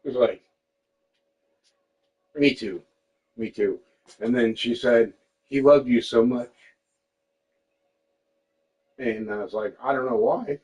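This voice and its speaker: A young man talks in a loose, candid way, swearing freely as he tells stories. He jumps into lively voices to act out what others said to him. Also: medium pitch, slow, long pauses, low-quality recording. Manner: candid and profane, quotes people in lively voices. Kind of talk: casual storytelling chat.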